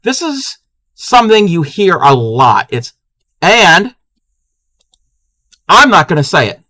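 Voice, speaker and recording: A man's voice: high-pitched, very animated, takes it slowly, pushed and bright, dry recording, clean studio sound. A man hosting a casual live crafting stream, chatting playfully with viewers and laughing often.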